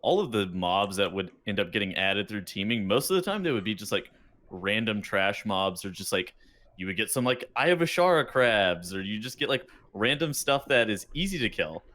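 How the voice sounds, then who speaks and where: A man's voice: lowish voice, very animated, moderate pace, a bit bright. Offhand man chatting on a gaming podcast. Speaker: podcast co-host and esports caster. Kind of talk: casual gaming podcast chat.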